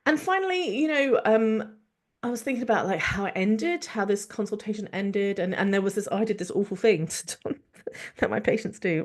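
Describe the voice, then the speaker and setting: A woman doctor hosting a podcast, speaking in a candid, reflective monologue, frank and expressive and thinking aloud with many restarts. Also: medium pitch, normal speed. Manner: frank and expressive, with laughs and the odd swear.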